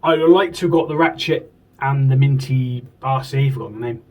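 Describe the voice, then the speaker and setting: A man's voice: mid-range voice, fairly quick, a little mellow, distant mic, low-quality recording. A man from the UK, chatting casually and enthusiastically as a toy collector and swearing now and then. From United Kingdom. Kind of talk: casual chat. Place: home room.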